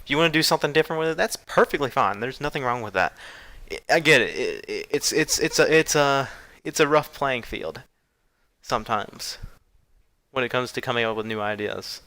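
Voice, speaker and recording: A man's voice: medium pitch, animated, brisk, bright, forceful tone, no echo. A man co-hosting a podcast in laid-back casual chat, dropping casual swears. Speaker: podcast co-host.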